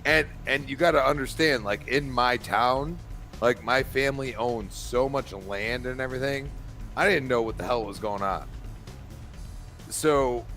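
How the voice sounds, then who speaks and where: Male co-host, mid-pitched, rambling and animated, faint music under him. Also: unhurried. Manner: rambling animated storyteller, many restarts and laughs. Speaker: podcast co-host. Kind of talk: casual chat.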